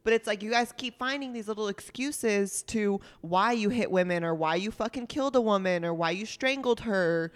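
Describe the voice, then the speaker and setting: A woman's voice: mid-range voice, moderate pace, few pauses, clean tone. Young woman, casual chat, heated, blunt, swears freely, long room reverb.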